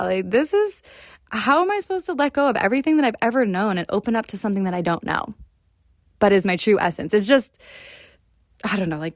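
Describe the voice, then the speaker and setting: A solo podcast host from the US, this woman speaks in a medium pitch about personal reflections, earnest and confessional, with frequent "right?" check-ins. The studio sound is clean and has no room sound.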